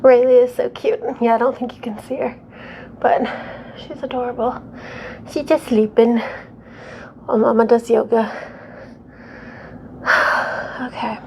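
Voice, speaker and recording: A woman with a somewhat high voice leads a casual yoga class at home, slowly calling out poses. She is out of breath and sighs between her cues, chatting in a self-deprecating way. A faint hum sits behind her. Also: fairly even intonation, vocal fry, a little mellow. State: out of breath and sweaty. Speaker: yoga instructor.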